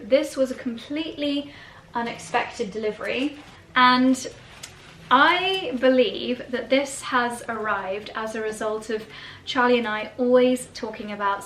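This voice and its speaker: A woman's voice: a little high, fairly bright tone, a little hiss or hum, poor audio. A woman hosting her own vlog, chatting casually and gushing as she unboxes gifts. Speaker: vlog host.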